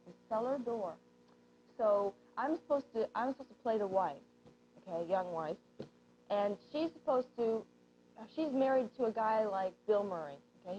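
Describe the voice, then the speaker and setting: On a shopping channel, a woman co-host with a mid-range, dark-toned voice chats casually on air. She's a chatty storyteller, acting out the lines people said as she tells the story, and the audio is dull, lo-fi TV broadcast sound.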